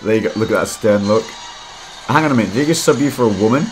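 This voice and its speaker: Deep-voiced Australian man. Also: rapid-fire, music in the background. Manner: relaxed storytelling, laughs easily, swears casually. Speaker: podcast host. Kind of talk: casual chat.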